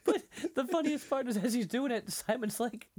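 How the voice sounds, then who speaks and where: A man's voice: very high-pitched, normal speed, darkish tone, no echo. A man co-hosting a podcast, casually retelling a TV episode and acting out the scenes with frequent laughs. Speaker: podcast co-host.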